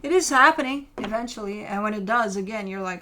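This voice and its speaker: A woman's voice: medium pitch, moderate pace, long pauses, bright, forceful tone, slight background noise. Candid, swearing tarot reader woman. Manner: candid, swears freely, talks straight to the viewer; argues with imagined objections to make a point. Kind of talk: casual tarot reading to camera.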